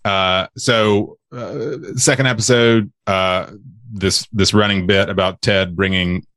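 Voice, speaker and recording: A man's voice: fairly low pitch, steady tone, slow, fairly bright tone, no room sound. A man hosting a podcast in casual chat, steering the discussion episode by episode. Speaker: podcast host.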